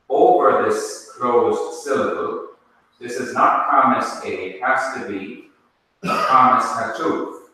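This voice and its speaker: A man teaching a Hebrew class, explaining slowly and step by step. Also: medium pitch, sharp tone. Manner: slow, explains step by step, spells things out. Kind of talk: classroom lesson. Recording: echoey hall, speaker far from mic.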